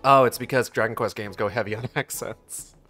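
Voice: medium pitch, fairly quick, sharp tone, soft background music. A streamer chatting casually while playing, rambling and trailing off. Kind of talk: casual game stream chat.

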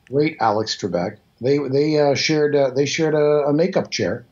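A man's voice: a little high, measured pace, a little mellow. A Canadian voice actor in his sixties, chatting as an interview guest and telling rambling, self-deprecating stories. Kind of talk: casual interview chat. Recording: slightly dull lo-fi audio.

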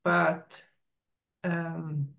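A woman on a group call asking for advice, speaking hesitantly with pauses and fillers. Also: low voice, flat delivery, gravelly, a bit bright, highs cut off. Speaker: participant asking a question. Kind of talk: casual question on a group call.

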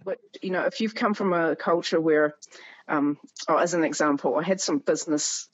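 Animated New Zealand woman, husky voice. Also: low-pitched, normal speed, no echo, highs cut off. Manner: animated storyteller, laughs often, acts out quoted voices. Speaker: guest musician and writer. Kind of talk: casual conversation. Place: home in Germany near the Polish border.

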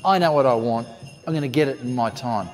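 A man's voice: mid-range voice, a little fast, close to an everyday voice. A man voicing a headstrong young boy who blurts out his refusals in a told story. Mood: defiant. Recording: long hall reverb, faint music.

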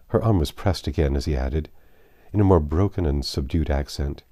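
A man reading a classic novel aloud, measured and expressive. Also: extremely low pitch, no echo, clean studio sound. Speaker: audiobook narrator.

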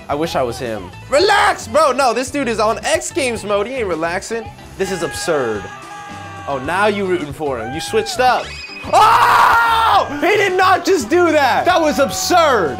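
Excitable young man reacting to clips. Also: high-pitched. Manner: excitable, slangy, quick exclamations. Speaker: YouTuber reacting to short videos. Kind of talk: casual reaction commentary.

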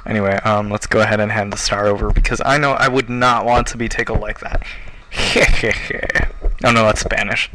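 A young man casually commenting on a game as he plays, joking and relaxed. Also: fairly low pitch, normal speed, a little hiss or hum, low-quality recording. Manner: relaxed, joking, self-deprecating. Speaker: let's play host.

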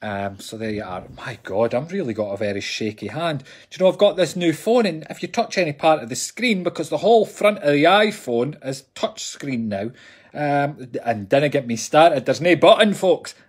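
A man's voice: a little high, lively intonation, normal speed, breathy edge. A Scottish man, a psychic medium, giving readings on a live stream in a chatty, jokey way and talking to viewers as folks.

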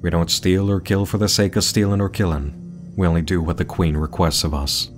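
A man voicing a gruff, scheming male privateer captain in a read-aloud adventure story, talking in a slow, sly and menacing way. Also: sits low, fairly even intonation, music in the background, close to an everyday voice.

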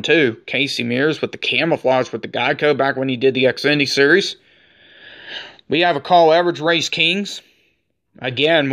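A man in his forties narrating a card-pack opening in casual commentary, rattling off names one after another and saying he is shaking with excitement. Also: mid-range voice. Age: 40s. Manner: rattles off names in a running list. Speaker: card collector opening packs.

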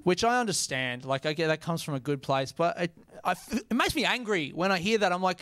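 A man's voice: high-pitched, animated, fairly quick, a bit bright, no room sound. A young Australian man performing stand-up, casual and self-mocking, swearing and laughing into his lines. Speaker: stand-up comedian. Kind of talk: stand-up comedy set. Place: comedy venue stage.

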